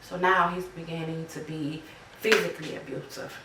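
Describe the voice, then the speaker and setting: A woman's voice: sits low, flat delivery, moderate pace, fairly bright tone, echoey room, recorded from a distance, a little hiss or hum, rough recording. A woman, telling her own story in a conversational way, full of fillers and quoted dialogue. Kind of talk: personal testimony.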